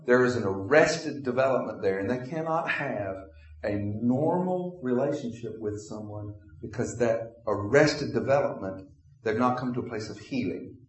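Preacher in an echoey hall. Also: male voice, medium pitch, moderate pace. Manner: acts out imagined dialogues with congregation. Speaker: pastor. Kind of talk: sermon.

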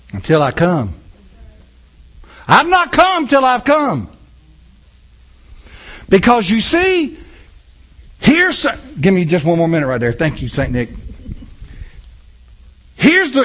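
A man preaching a sermon in church, acting out scenes with a volunteer from the congregation. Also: very high-pitched. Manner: animated, acts out scenes with a volunteer. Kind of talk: sermon with audience interaction.

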